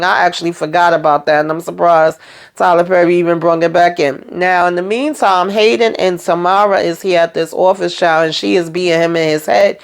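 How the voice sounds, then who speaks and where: A woman's voice: on the low side, fairly even intonation, fairly quick. A woman hosting a casual TV episode recap, retelling scenes in a chatty, slangy way full of fillers. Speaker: TV show recap host.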